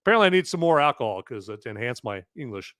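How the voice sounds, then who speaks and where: A man's voice: mid-range voice, sing-song, quick pace, fairly bright tone, no room sound. A man hosting a live film-review podcast, chatting casually in a rambling, jokey way with some swearing. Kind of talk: casual live-stream chat.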